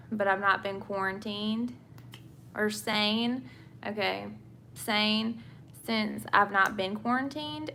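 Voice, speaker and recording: With vocal fry in a medium-pitched voice that's bright and forceful, a young woman from England with a Southern US accent talks casually to viewers about being a nurse as she does her makeup. The vlogger answers their questions with many fillers and restarts, over a little hiss or hum.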